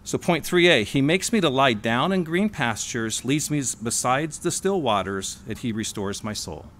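Emphatic preaching man, lively pitch. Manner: emphatic, stresses single words, slows on key phrases. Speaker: sermonette speaker. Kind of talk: sermon. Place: church hall.

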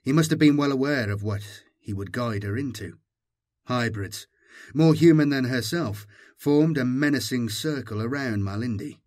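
A man reading an audiobook in measured, dramatic scripted narration. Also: medium pitch, darkish tone.

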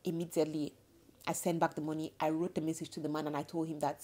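A woman in her thirties telling a story to her viewers in a casual vlog, animated and indignant. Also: low-pitched, fast talker. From Cameroon. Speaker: vlogger.

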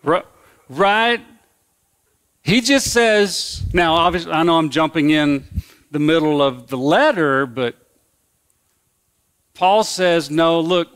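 A man's voice: a little high, expressive, slow, fairly bright tone. A man preaching a sermon as pastor, in a conversational, folksy way that repeats and restarts phrases.

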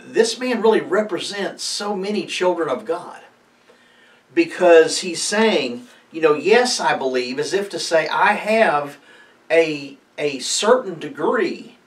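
A man's voice: on the high side, recorded from a distance. A man preaching a casual mid-week devotional, reading scripture aloud and talking it through with many fillers and restarts.

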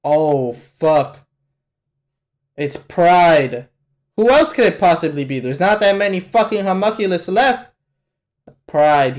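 Slow-talking, profane anime reaction host. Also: male voice, a little high. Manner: profane, excitable, bursts into loud exclamations; casual slangy talk to the viewer. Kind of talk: live anime reaction commentary.

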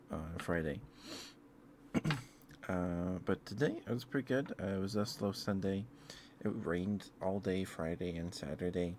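A man streaming ASMR, chatting casually and softly with his viewers in a laid-back, meandering way at his home setup. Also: sits low, moderate pace, background noise.

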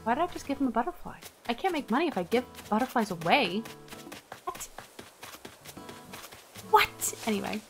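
Young woman streaming a cozy game, chatty, reads the text out loud, kinda high voice, soft game music under it. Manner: chatty, reads game text aloud, quick swings from excited to irritated. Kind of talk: casual let's-play commentary.

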